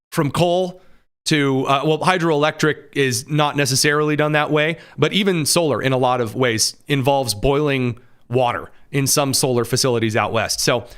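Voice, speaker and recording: A man's voice: mid-range voice, a bit bright, smooth. An American man from the Midwest hosts a talk podcast in a casual, chatty commentary voice. He talks animatedly, throws in sarcastic asides and leans on plenty of ums and uhs. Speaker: podcast host.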